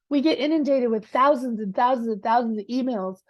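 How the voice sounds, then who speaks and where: Talking a little fast with hardly any pauses, this woman has a high-leaning, darkish voice on a dry, muffled recording. She's a real estate coach teaching live, speaking directly and conversationally while checking in with listeners through plenty of rhetorical "right?"s.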